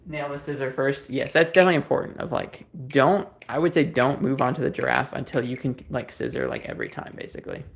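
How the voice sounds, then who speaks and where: A man's voice: mid-range voice, creaky, a little hiss or hum. A man hosting a casual livestream, reading viewer comments aloud and answering them in an easygoing, rambling way. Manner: rambling, easygoing, many fillers and restarts. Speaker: livestream host.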